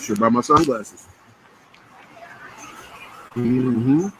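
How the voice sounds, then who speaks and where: A man's voice: mid-range voice, very slow, slight background noise, low-quality recording. Joking man chatting over breakfast. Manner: relaxed, joking, talks to viewers. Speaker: vlogger. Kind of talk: casual live-stream chat while eating.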